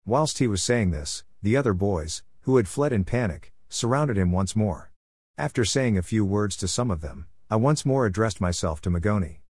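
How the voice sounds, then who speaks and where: A man reads aloud in a steady, formal audiobook narration. His voice sits fairly low, and the sound is close and dry with no room around it. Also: slightly rough, no room sound. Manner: measured, steady, formal reading. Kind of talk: audiobook reading of a religious biography.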